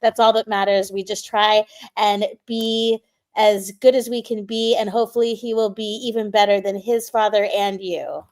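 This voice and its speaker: Woman guest, earnest storyteller, middle pitch. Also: fairly even intonation, normal speed. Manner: earnest, blessing-giving, storytelling. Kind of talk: casual talk show chat.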